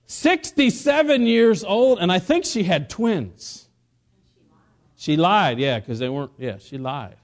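A man with a high voice preaches to his congregation, asking them questions and waiting for an answer. He mixes earnest teaching with light, joking asides. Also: sing-song, a little slow. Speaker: pastor. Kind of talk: sermon.

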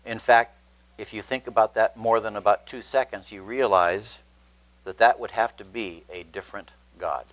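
A man's voice: on the low side, steady tone, normal speed. A man preaching a sermon, reading scripture aloud and stressing words earnestly. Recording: dull lo-fi sound.

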